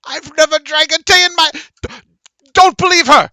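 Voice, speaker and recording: A man voicing a hot-tempered old male merchant with a drinking problem, yelling his lines in a shrill raised voice. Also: fairly even intonation, normal speed, full character voice. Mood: indignant.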